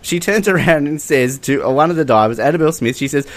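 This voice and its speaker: A man co-hosting a jokey sports podcast. His pitch leaps all over the place as he talks. He is animated and giggly. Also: fast talker, few pauses. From Australia. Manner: animated and giggly, often breaks into laughter. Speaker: podcast co-host. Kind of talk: casual comedic podcast chat.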